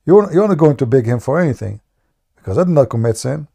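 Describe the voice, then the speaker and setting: Halting, mellow-voiced man debating. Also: medium pitch, animated, creaky. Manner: halting, many restarts, then heated and forceful. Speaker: debate stream host. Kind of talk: live online debate.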